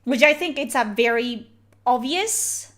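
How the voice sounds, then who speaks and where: A woman's voice: on the high side, animated, unhurried, a bit bright. A young woman streaming a game and ranting about it, exasperated and swearing freely. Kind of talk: game reaction commentary.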